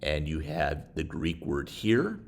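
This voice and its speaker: A man giving a casual screen-share tutorial on study software, talking in a halting way with many fillers. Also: a bass voice, sing-song. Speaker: instructor. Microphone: desktop microphone while screen recording.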